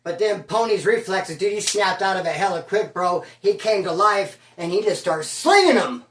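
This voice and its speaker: A man telling a prison story in loose street slang, acting out every voice he quotes. His pitch and loudness swing wildly from mutters to shouts. He sits back from the mic in a roomy, echoing space. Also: normal speed. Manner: animated, slangy, acts out the people he quotes. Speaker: storyteller recounting prison life. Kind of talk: casual spoken storytelling. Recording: echoey room, voice from a distance.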